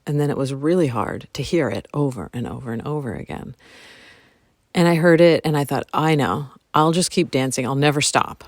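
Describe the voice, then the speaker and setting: Low-voiced woman musing on her podcast. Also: dry recording. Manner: musing, repeats phrases softly, drops into whispers. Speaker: podcast host. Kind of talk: reflective solo podcast monologue.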